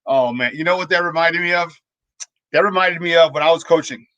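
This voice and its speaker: A man hosting a sports talk show, telling rambling, animated stories full of restarts. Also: fairly high pitch, fairly quick, no echo, highs cut off. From Chicago. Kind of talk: casual sports talk storytelling.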